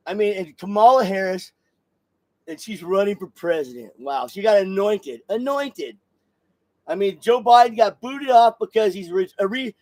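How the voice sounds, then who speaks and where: Heated high-voiced man ranting live. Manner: heated and repetitive, with stumbling restarts. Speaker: podcast host. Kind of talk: live political rant.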